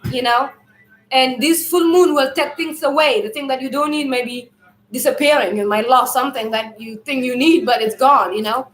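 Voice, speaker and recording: Loud high-voiced woman, roomy echo. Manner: loud, loose and rambling, speaks to viewers as family. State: throat irritated, clears it often. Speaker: spiritual teacher hosting a live stream. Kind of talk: casual spiritual talk on a live stream.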